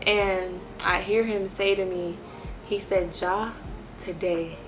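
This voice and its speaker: A woman in her early twenties giving an animated personal testimony and talking straight to her viewers. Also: mid-range voice, takes it slowly, music in the background. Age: early 20s. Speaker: vlogger sharing a faith testimony.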